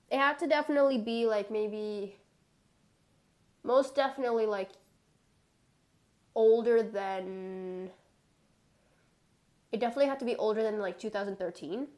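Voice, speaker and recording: A young woman streamer chatting over a game at an unhurried pace, in a slightly high voice. Her talk rambles, packed with filler words, and turns playful and mock-dramatic. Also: a little mellow. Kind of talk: casual gameplay chat.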